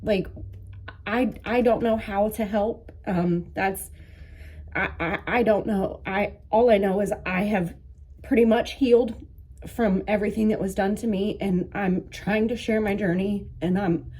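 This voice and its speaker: A woman speaks in a halting, emotional monologue, stopping and restarting often. Her voice is husky and mellow, with a dark tone. She sounds close to tears throughout. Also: medium pitch, fairly even intonation. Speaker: vlogger, coaching. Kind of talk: personal monologue to camera.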